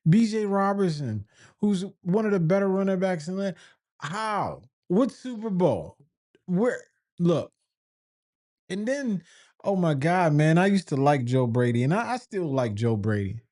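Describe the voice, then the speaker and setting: Exasperated man on a warm-toned sports rant. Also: high voice, unhurried. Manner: exasperated, repeats himself, rhetorical questions. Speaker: football fan commentator.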